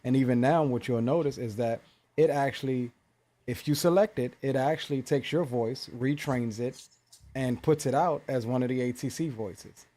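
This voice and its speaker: A man talking in casual podcast chat, measured and relaxed with frequent fillers. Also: mid-range voice. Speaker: podcast guest.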